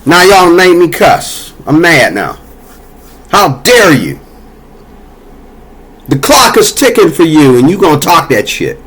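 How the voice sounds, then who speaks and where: A man with a notably high-pitched voice launches into an angry political rant. He scolds and curses freely, his tone heated and confrontational throughout. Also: a bit bright. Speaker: political commentator. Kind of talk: angry monologue.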